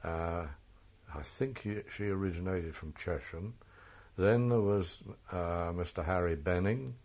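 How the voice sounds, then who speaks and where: Older English man, deep and halting, recalling the past in a dull lo-fi interview tape. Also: a little mellow. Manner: hesitant, full of ums and self-corrections. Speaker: oral history interviewee. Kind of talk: reminiscing in a recorded interview. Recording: muffled lo-fi recording.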